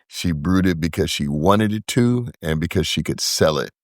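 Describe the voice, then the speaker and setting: A man guest in a podcast interview, talking in a relaxed casual way and often repeating words as he searches for names. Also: low voice, moderate pace, no echo, studio quality. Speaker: podcast guest, brewery co-founder.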